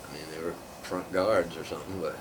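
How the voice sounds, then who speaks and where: A man's voice: sits low, fairly even intonation, fast. An older man telling rambling, casual stories, acting out the other people's voices and dropping to a near whisper for asides. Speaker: storyteller guest. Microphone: far from the mic. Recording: distant mic, audible background noise.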